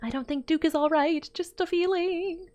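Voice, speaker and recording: A woman streaming a horror game, chatting casually in an excitable, jokey way. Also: very high voice, normal speed. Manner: excitable, jokey, laughs often. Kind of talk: casual let's-play commentary.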